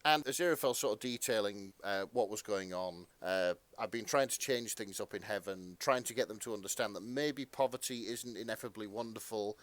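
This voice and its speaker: A man co-hosting a podcast, casually reading fan fiction aloud with relaxed asides and the odd swear. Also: lowish voice, a little fast, hardly any pauses, no echo. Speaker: podcast co-host.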